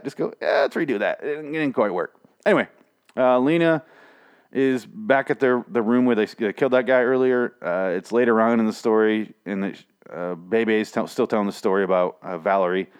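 In a brisk, smooth, medium-pitched voice, a man gives a casual spoken recap and review of a TV episode. His delivery is sarcastic and full of swearing, rambling along with many restarts.

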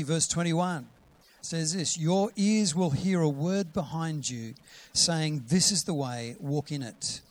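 A man preaching a sermon, quoting scripture with rising emphasis and sometimes dropping to a soft whisper. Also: a little high. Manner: drops to a soft whisper to act out a gentle voice.

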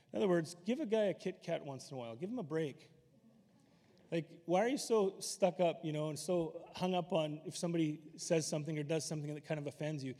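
A man's voice: a little high, fast talker, mellow. A man preaching a sermon in a loose, conversational way, telling stories with asides. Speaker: pastor. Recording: long hall reverb.

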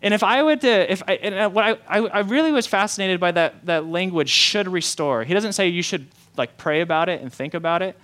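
Guy preaching, chatty and animated, higher voice, really smooth. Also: a little fast, hardly any pauses. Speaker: pastor. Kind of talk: sermon.

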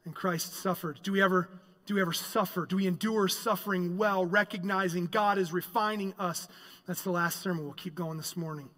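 A man's voice: sits high, steady tone, brisk, in a large hall. A male pastor preaching a sermon, reading scripture aloud and driving his points home with emphatic, rising lines. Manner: emphatic preaching, swelling louder on key lines. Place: church sanctuary.

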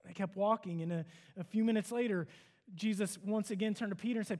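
A man's voice: high voice, a little fast, a little mellow. A man giving a sermon, retelling a story in an earnest, conversational way with casual fillers. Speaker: preacher.

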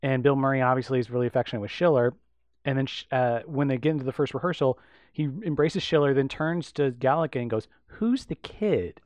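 A man co-hosts a podcast, talking casually about a film and wandering through his stories with plenty of ums and false starts. His voice sits at an ordinary pitch, and the recording is dry and close with no room sound. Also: fairly even intonation, quick pace, a little mellow, no room sound. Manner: rambling with many fillers and restarts. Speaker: podcast co-host.

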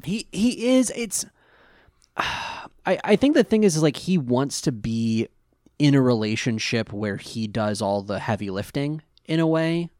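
Man recapping with lively, bouncing pitch. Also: unhurried, no echo, studio quality. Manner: animated, rambling with fillers. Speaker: podcast co-host recapping an episode. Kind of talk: casual recap chat.

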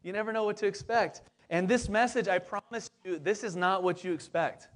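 A man's voice: high voice, brisk. A lead pastor in his forties preaching a casual sermon, chatty and upbeat, talking straight to the congregation with plenty of fillers and asides.

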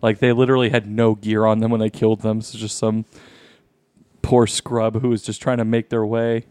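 A man's voice: lowish voice, flat delivery, moderate pace, darkish tone, no echo. A man co-hosting a podcast, joking and swearing in casual chat. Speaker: podcast co-host.

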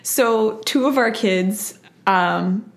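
A woman's voice: mid-range voice, very slow. A woman, a guest parent on a parenting panel, speaking earnestly in a casual discussion. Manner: earnest, acts out quotes.

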